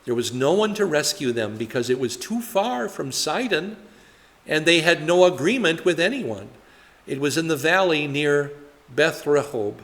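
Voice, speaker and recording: A man's voice: on the high side, animated, normal speed, fairly bright tone, big-room sound. A male pastor leading a conversational Bible study, talking in a chatty way with many fillers and rhetorical questions.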